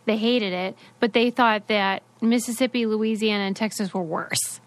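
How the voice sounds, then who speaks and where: A woman's voice: mid-range voice, fairly even intonation, normal speed, dry recording. Chatty woman podcast co-host, dry sound. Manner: chatty, explains a study with asides. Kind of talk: casual chat.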